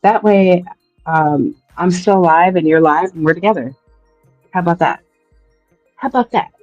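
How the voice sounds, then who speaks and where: A woman's voice: on the low side, normal speed, darkish tone, no echo, highs cut off, faint music behind. A woman hosting a casual live stream from outdoors, talking to viewers and often dissolving into helpless, breathless laughter.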